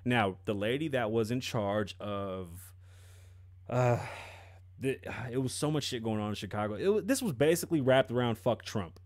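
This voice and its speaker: A man's voice: mid-range voice, animated, moderate pace, no room sound, studio quality. Sarcastic man riffing on the news. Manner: mocking, rhetorical questions, breaks off to laugh. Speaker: commentary vlogger. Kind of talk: profane sarcastic news commentary.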